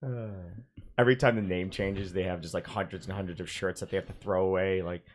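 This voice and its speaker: Deadpan male player with a very deep voice. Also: fast talker. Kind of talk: tabletop role-play chat.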